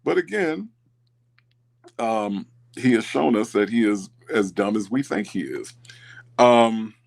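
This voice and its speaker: A man's voice: on the low side, animated, takes it slowly, vocal fry. A man hosting a casual livestream, reading chat comments aloud and repeating himself as he talks. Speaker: livestream host.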